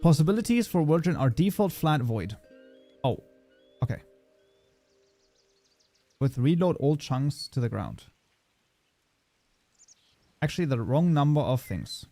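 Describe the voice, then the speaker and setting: A man's voice: fairly high pitch, sing-song, unhurried, long pauses, mellow, dry recording, soft background music. A man with a German accent, originally from Germany, hosting a casual livestream tutorial. He chats as he works, reading viewer messages aloud and answering them. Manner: chatty, reads viewer chat aloud and answers it. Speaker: modding streamer.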